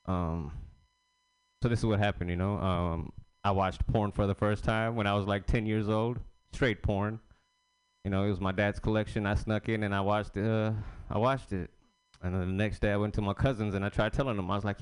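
A man's voice: on the low side, steady tone, a little fast, clear, resonant tone. A man performing a casual stand-up story, slangy and laughing at his own jokes. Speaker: stand-up comedian at open mic.

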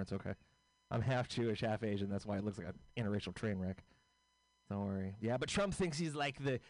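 A man's voice: medium pitch, smooth, dry recording, poor audio. A man doing a rambling, self-deprecating stand-up comedy set.

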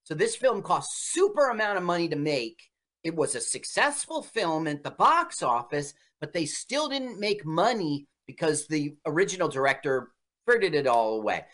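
A man's voice: fairly high pitch, normal speed. A man co-hosting a casual chat while watching an old movie, explaining its history and now and then putting on voices for characters. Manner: lively, puts on old-timey voices for characters. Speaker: podcast co-host.

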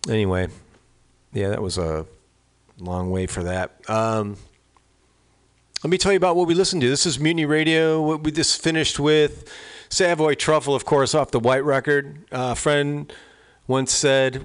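A man's voice: medium pitch, unhurried, smooth. A middle-aged American man hosting a radio show, telling a long story in a rambling, chatty way full of asides and restarts. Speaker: radio host. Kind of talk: casual on-air storytelling.

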